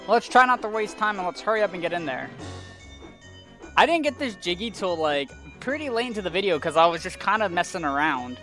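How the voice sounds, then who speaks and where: A man's voice: sits high, expressive, brisk, pushed and bright, faint music behind. A young man giving rambling gameplay commentary, easily exasperated and ranting at the game. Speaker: let's play commentator.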